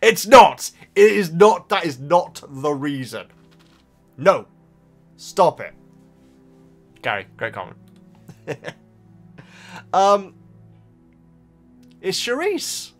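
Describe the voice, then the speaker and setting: A man's voice: a little high, very animated, drawn-out words, pauses often, faint music behind. A man hosting his own video, reading out viewer comments in casual chat and often stumbling over his words and restarting.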